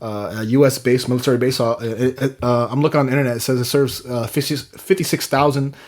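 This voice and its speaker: Podcast co-host, man, rapid and loose, mid-pitched voice. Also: fairly even intonation. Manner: rapid, loose, swears, restarts often. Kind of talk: casual sports chat.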